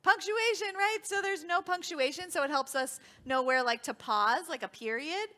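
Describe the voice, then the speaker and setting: A woman's voice: high-pitched, moderate pace, bright, forceful tone. A woman leading a children's worship service, cheerfully quizzing the children and teaching them as she goes. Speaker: song leader teaching children. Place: synagogue sanctuary.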